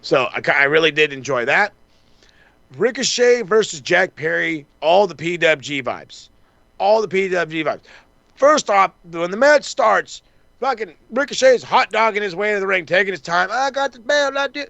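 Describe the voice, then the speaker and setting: A man's voice: high-pitched, lively intonation, normal speed, vocal fry, fairly bright tone, no echo, lo-fi sound. A man co-hosting a wrestling podcast, rambling through a casual recap, swearing freely and acting out the wrestlers' lines. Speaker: podcast co-host.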